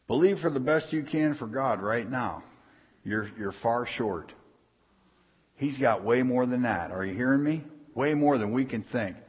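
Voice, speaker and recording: A man delivers a casual, punchy sermon in a husky voice, swinging widely in pitch as he presses his points. He keeps checking in with the congregation in a plain-spoken, folksy way. The sound is dull and lo-fi, with a long reverb trailing through a hall. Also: animated, a little slow. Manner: folksy, punchy, keeps asking the crowd "are you hearing me". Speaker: pastor.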